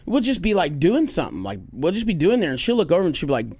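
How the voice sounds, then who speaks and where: A man co-hosting a podcast, telling family stories in a loose, profane, animated way. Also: fairly high pitch, rapid-fire, slightly rough, dry recording. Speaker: podcast co-host. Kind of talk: casual podcast chat.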